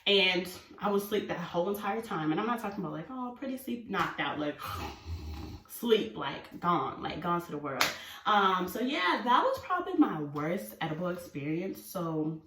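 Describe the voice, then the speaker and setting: A woman vlogger telling a casual story, animated and swearing freely, acting out her own panic. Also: lowish voice, normal speed, recorded from a distance, a little hiss or hum. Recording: roomy sound from away from the mic.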